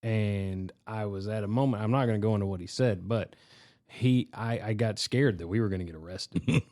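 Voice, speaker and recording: A man's voice: on the low side, darkish tone. Casual, profane man co-hosting a podcast. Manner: casual and profane, quick back-channel replies. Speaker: podcast co-host. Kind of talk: casual storytelling chat.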